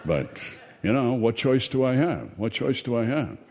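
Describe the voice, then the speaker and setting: A man voicing a gruff, cynical female fish statue that talks bluntly and wisecracks. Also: medium pitch, very animated, moderate pace, a little mellow. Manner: blunt, world-weary, wisecracking.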